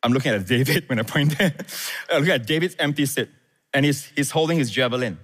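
A male pastor preaching a sermon, telling a scripture story and leaping up in pitch and volume when he quotes the characters. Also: fast. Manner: animated, rises high and loud when quoting scripture. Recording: echoey hall with long reverb.

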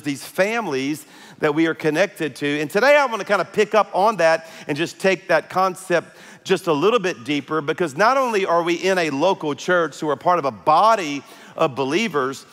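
A man's voice: sits high, a bit bright, big-room sound. A male pastor, preaching a conversational sermon with frequent fillers. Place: large church auditorium.

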